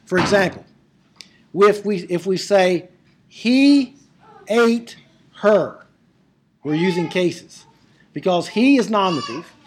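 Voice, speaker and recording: A Bible teacher giving an emphatic classroom lecture on biblical Greek, asking rhetorical questions and slowing down to stress key words. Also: medium pitch, a little mellow, slightly rough.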